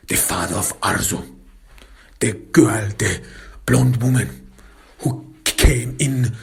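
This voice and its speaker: A man telling a dark first-person crime story in an intense, often whispered way, with many restarts. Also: mid-range voice, vocal fry, husky.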